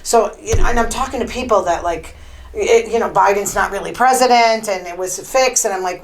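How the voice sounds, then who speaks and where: A woman's voice: medium pitch, fairly quick, slight background noise, rough recording. Chatty, rambling woman podcast host. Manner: chatty, rambling, opinionated with filler words. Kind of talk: casual solo commentary.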